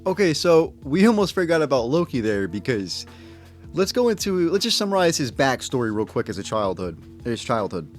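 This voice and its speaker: A man's voice: medium pitch, sing-song, normal speed, soft background music. A man in casual chat, exclaiming and swearing casually while recapping a story.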